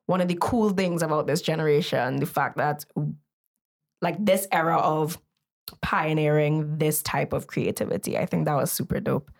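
A woman's voice: deep voice, gravelly. A woman co-hosting a podcast in a casual, enthusiastic chat, full of upbeat slang. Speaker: podcast co-host.

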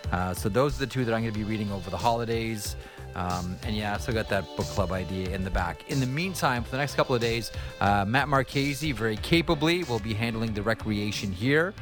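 Male podcast host, low voice, relaxed chatty sign-off, faint music behind. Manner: relaxed, chatty, with many fillers. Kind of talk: show wrap-up monologue.

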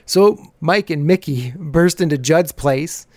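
A man's voice: on the high side, slow, dry recording. A man hosting a podcast, casually recapping a TV episode and laughing often as he retells scenes. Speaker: podcast host.

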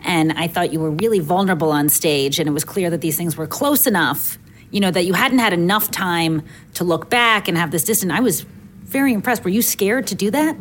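A woman hosting a casual interview, enthusiastic and quick to laugh. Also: lowish voice. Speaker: interviewer host. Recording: faint background noise.

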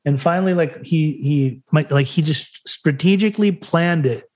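A man's voice: a little high, normal speed, darkish tone. A man from the United States talking openly and emotionally as a podcast guest, swearing freely and acting out the dialogue as he tells his story. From United States (Salt Lake City). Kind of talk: candid personal storytelling in conversation.

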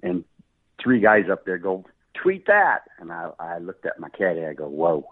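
A man's voice: low voice, brisk. A middle-aged man, a pro golfer, telling a story casually and acting out the quotes with laughs. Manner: animated, acts out quotes, laughs often. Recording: phone-like radio line.

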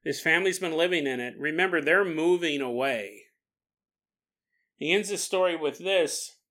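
A man's voice: a little high, moderate pace, fairly bright tone. A man hosting a podcast who retells a ghost story casually, joking and laughing often. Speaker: podcast host.

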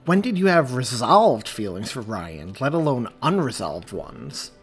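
A young man trying to stay firm while clearly rattled, as the reader voices him. His delivery is animated, rising in surprise. A storybook character voice. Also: medium pitch, a little slow, faint music behind. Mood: flustered. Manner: firm, flustered.

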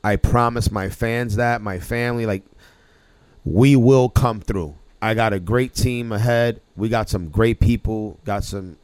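A man's voice: fairly low pitch, steady tone, measured pace, a little mellow, no room sound. A man hosting a casual podcast chat, rambling with many restarts and chuckles. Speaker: podcast host.

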